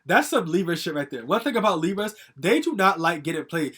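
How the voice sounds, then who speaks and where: A man's voice: high-pitched, big pitch swings, a little fast, few pauses, a bit bright, breathy edge. A young man telling a personal story to camera in a casual, angry, profane rant full of fillers.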